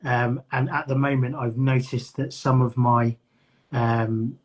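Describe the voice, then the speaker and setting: Husky man with a mixed London accent. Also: mid-range voice, little pitch movement, takes it slowly. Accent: mixed English, London with Midlands traces. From North London, England. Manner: storytelling, acts out quoted voices. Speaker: podcast host. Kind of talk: casual live-stream chat. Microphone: video call.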